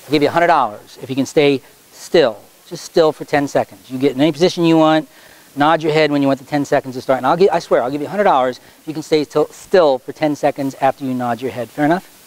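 A quick-talking man runs a stage hypnosis show on a school stage, his voice sitting a little high for a man. He teases and directs his volunteers in a brisk, commanding way, then sinks into slow, low suggestions to put them under. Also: a little mellow, low-quality recording. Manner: drops to slow, low suggestion when putting people under. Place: high school stage before a student audience.

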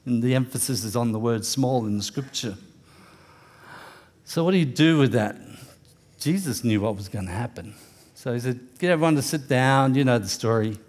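Male pastor, mid-pitched voice, earnest conversational sermon with light humor. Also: moderate pace, darkish tone. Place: church.

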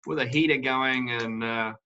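A winemaker chatting casually over a video call, telling stories and jokes with a laugh. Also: male voice, medium pitch, normal speed. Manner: relaxed storyteller, laughs through his jokes. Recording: muffled lo-fi video call audio.

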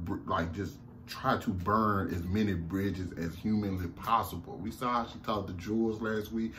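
A man with a Southern American accent recapping a TV episode in a casual, excited, profane way, laughing often, slumped low in a seat at home. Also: slight background noise. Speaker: TV review vlogger.

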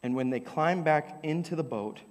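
A young adult man preaching a sermon into a microphone, telling the story with lively energy and sometimes dropping to a whisper. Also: on the high side, moderate pace. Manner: animated storytelling preacher, drops to a whisper for emphasis. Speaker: pastor. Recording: long hall reverb.

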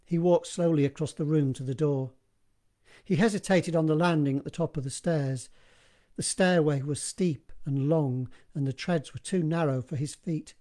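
A man narrating his own horror story in a steady, measured reading, recorded in one live take. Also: fairly high pitch.

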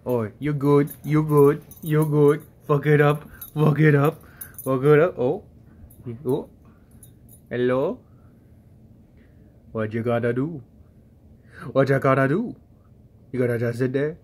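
A man's voice: mid-range voice, slow, long pauses, darkish tone. A man at home filming his pet on a phone, teasing it and swearing casually in a playful singsong. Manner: teasing, profane baby-talk to an animal. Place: indoors at home.

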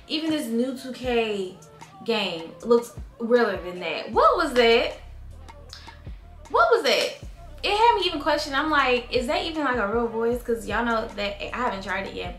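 A woman's voice: a little high, fairly bright tone. Woman, late 20s, casual home vlogger, loose chatty delivery; roomy room sound, faint music bed. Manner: chatty, lots of fillers, drawls words. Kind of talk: casual chat to camera. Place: home bedroom.

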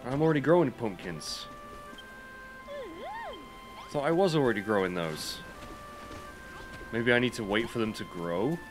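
A man with an unhurried way of talking hosts a casual gaming livestream. He chats easily with his viewers, greets them one by one, and now and then lets out an excited yelp. His voice sits at an everyday middle pitch, with faint game music playing underneath. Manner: chatty, greets viewers by name, bursts into excited yelps.

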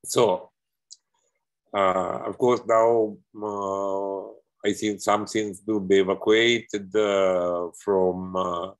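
A man speaking as an art historian in a webinar over a video call, emotional and struggling to stay composed, halting and full of fillers. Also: deep voice, level tone, rough recording. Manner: halting, searching for words, many fillers. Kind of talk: webinar talk answering audience questions.

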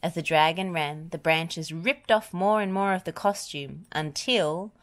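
A woman reading a children's picture book aloud, gentle and even, in a slightly low voice. The recording is dry and close, with no room sound. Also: a little slow, dry recording. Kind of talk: storybook read-aloud narration.

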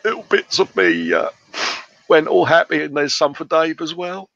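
A man's voice: a little high, normal speed, vocal fry, a bit bright, dry recording, muffled recording. A man co-hosting a live stream, casually chatting and reading out viewer messages in a jokey, friendly way. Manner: chatty, reads viewer comments aloud in a jokey tone. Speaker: livestream co-host reading chat. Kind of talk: casual chat. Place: home workshop.

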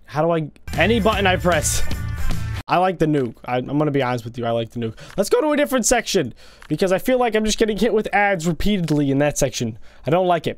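A young man hosting a casual gaming video, talking over gameplay with gasps, exclamations and playful taunts on a desk microphone. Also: high voice.

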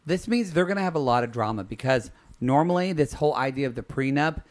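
A man's voice: medium pitch, expressive. A man co-hosting a podcast, chatting casually and gossiping playfully about a reality show. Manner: gossipy, playful, quick to laugh. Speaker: podcast co-host.

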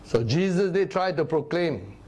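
Brief: man, Bible teacher, animated sermon delivery, voice sits a little high, grave on solemn points. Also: moderate pace. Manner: animated, acts out crowd voices in a raised voice; drops to low, grave tones for solemn points.

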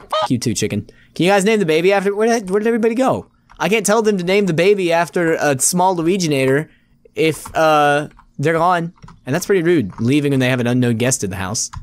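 Playful, lively-pitched let's play guy. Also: fast talker. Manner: playful, jokey, often addresses viewers as friends. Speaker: gaming video host.

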